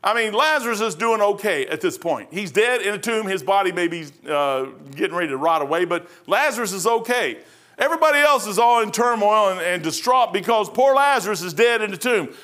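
A man's voice: high voice, lively intonation, a little fast, fairly bright tone. A middle-aged male pastor preaching a sermon in a rambling, folksy storytelling way, with frequent restarts.

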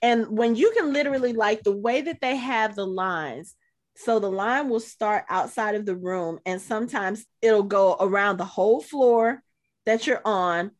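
A woman's voice: medium pitch, unhurried. A woman co-hosting a podcast, telling stories in casual chat with many fillers. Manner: chatty, storytelling, lots of fillers. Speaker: podcast co-host.

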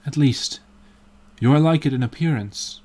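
A man's voice: medium pitch, moderate pace, a little mellow, voice pushed up, natural voice. A man reading the part of an earnest, anxious painter in an audiobook, in a sad, pleading way.

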